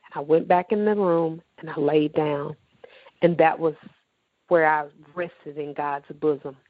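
A woman's voice: deep voice, steady tone, measured pace, no room sound, narrow, tinny audio. A woman telling her personal faith testimony in an emotional, emphatic way, acting out the dialogue as she goes. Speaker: testimony speaker.

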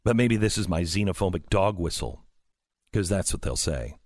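A man's voice: sits low, expressive, moderate pace, a little mellow, dry recording, studio quality. A male talk show host delivering an opinionated political monologue, emphatic and sarcastic, full of rhetorical questions.

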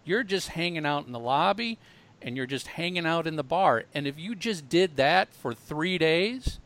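A man's voice: a little high, expressive, moderate pace, a bit bright. A man co-hosting an interview who gives casual, emphatic advice and often repeats his words.

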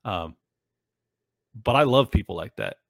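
A man's voice: fairly low pitch, huge pitch swings, measured pace, vocal fry, no room sound, studio quality. A man hosting his own show, talking earnestly and emotionally to his viewers in a rambling way, with many fillers. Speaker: show host. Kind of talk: casual monologue to viewers.

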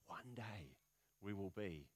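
Low-voiced man preaching a conversational sermon. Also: animated, slow, husky, no echo. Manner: conversational preaching with frequent rhetorical questions; swings between loud emphatic lines and quiet, low passages. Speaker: pastor.

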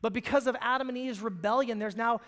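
A man's voice: extremely high pitch, fairly even intonation, quick pace, fairly bright tone. A man from Alaska, a pastor, preaching a sermon in a conversational storytelling way, often restarting his phrases. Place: church sanctuary. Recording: long reverb of a hall.

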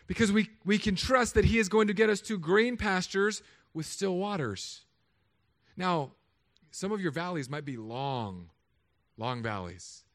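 A man in his thirties, a pastor, preaching a sermon with animated, humorous storytelling. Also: high-pitched, unhurried.

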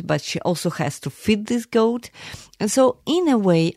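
An earnest speaker at a middle pitch recounts a visit, stopping and restarting often. The recording is dry and close. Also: dry recording. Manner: earnest, halting with fillers and restarts. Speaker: guest recounting a field visit. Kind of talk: spoken account.

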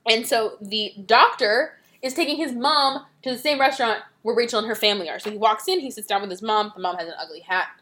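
A woman hosting a podcast, retelling a movie plot in casual, quick chat and acting out the characters' lines. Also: fairly high pitch. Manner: animated, quick retelling with acted-out quotes. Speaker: podcast host.

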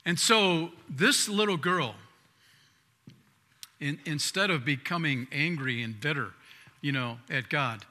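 A male pastor preaching with a very bright, forceful tone and a voice pitched a little high for a man. He talks conversationally, restarting words, and moves between loud emphatic lines and hushed asides. The sound carries a long hall reverb. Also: slow pace, pauses often. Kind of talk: sermon.

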